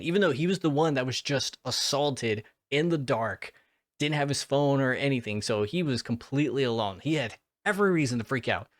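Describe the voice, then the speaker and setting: A man's voice: medium pitch, dry recording, clean studio sound. A young man recapping a movie in a casual way, rambling off on tangents, swearing freely and filling his talk with "like". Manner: profane, rambling, goes off on tangents; filler-heavy, lots of "like".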